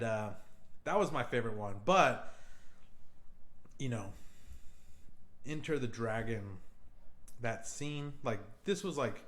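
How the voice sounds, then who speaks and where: A young man on a podcast, excitedly retelling a favorite film scene with lots of fillers and swearing. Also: medium pitch. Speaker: podcast co-host. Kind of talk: casual podcast chat.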